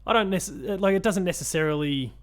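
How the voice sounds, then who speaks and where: A man's voice: sits high, fairly quick. A man from Australia co-hosting a casual chat podcast, rambling with many ums and restarts. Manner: rambling, lots of ums and restarts, laughs often. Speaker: podcast co-host.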